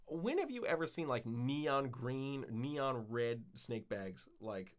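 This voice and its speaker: A man's voice: mid-range voice, expressive, takes it slowly. A man co-hosting a podcast, casually telling a long story with lots of fillers and swearing. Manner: rambling, frequent fillers and swearing. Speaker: podcast co-host.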